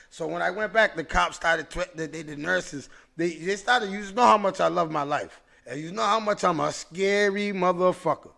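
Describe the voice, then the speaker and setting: A man hosting a podcast, telling a story in a casual, animated, profane way, with frequent restarts and repeated words. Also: high voice, gravelly. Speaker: podcast host.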